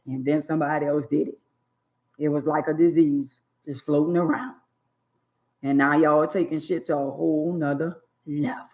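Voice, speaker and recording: In a dull, lo-fi phone recording, an older woman who hosts a channel gives a blunt, preachy scolding in an opinionated monologue. She speaks in a deep voice with fairly even intonation, lingering on emphatic words.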